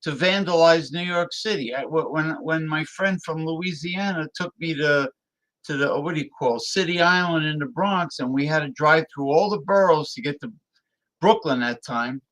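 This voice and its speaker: Emphatic, halting man. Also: on the high side, fairly bright tone, poor audio. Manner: emphatic, halting, restarts often. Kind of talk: casual chat.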